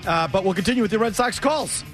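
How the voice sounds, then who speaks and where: A man hosting a sports radio talk show, brisk and joking in banter with his guest. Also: high-pitched, animated, a bit bright, soft background music.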